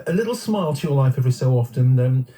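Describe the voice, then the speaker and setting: Quick, jokey male co-host with a very dark, warm tone. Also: mid-range voice, lively intonation, low-quality recording. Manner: jokey and quick, playfully scolding. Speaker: radio co-host. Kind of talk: casual radio banter.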